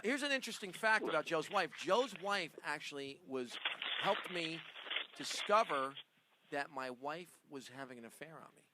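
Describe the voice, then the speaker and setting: A man's voice: on the high side, lively intonation, moderate pace, noisy background. A man hosting a radio talk show, chatting casually with guests, laughing often and tripping over his own words. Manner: rambling, laughs often, stammers and repeats himself. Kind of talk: casual studio chat.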